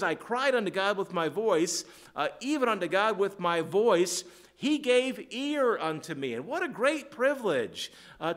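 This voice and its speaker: A man preaching a sermon, halting with fillers and restarts, then rising to fervent emphasis when quoting scripture. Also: high voice, fairly bright tone.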